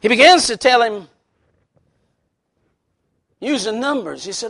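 High-pitched preacher man, shouting then hushed. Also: lively intonation, measured pace, long pauses. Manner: swings from hushed intimate lows to loud shouted peaks; folksy, plain-spoken with Bible quotes. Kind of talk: sermon.

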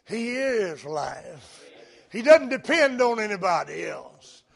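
Brief: male preacher, high voice, slow and emphatic, builds to shouts. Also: big pitch swings, vocal fry. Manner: emphatic, rising to shouts, anecdotal. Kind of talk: sermon.

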